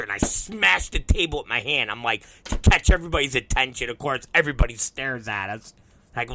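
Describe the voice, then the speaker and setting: A man's voice: medium pitch, normal speed. A man hosting a show, telling a profane comic story and acting out the quoted dialogue. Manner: animated, acts out quoted dialogue, heavy swearing. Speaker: show host.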